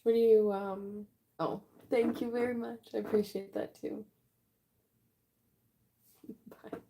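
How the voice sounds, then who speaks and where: A woman in her late twenties chatting casually with viewers while she paints on a livestream. She is relaxed and talks at an easy pace, yawning often as she answers the chat. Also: a little high, takes it slowly. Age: late 20s. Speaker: livestream artist. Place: art room at home.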